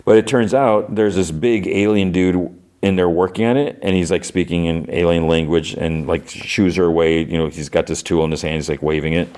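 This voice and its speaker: A man's voice: low voice, fairly even intonation, normal speed, a little mellow, clean tone. A man hosting a podcast, retelling a show episode in a rambling way, with lots of "he's like" and fillers. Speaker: podcast host. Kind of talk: casual episode recap.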